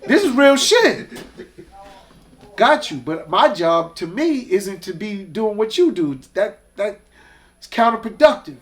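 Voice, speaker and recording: A guest from Hollis, Queens, New York, this music executive speaks in a high voice at a slightly slow pace. His casual storytelling is animated and profane, and he performs the voices of the characters he describes.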